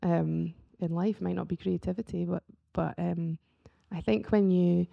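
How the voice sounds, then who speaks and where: A woman artist talking as a guest in a casual chat about faith and creativity, with a soft, gravelly voice. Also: lowish voice, fairly even intonation, measured pace, dull audio.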